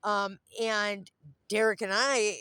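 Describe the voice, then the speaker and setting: A woman's voice: medium pitch, fairly even intonation, slow, bright, forceful tone, clear, resonant tone, no echo. A woman vlogging outdoors by a duck pond, venting in a cranky, irritable, rambling way while filming on her phone. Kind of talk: casual rambling monologue to camera.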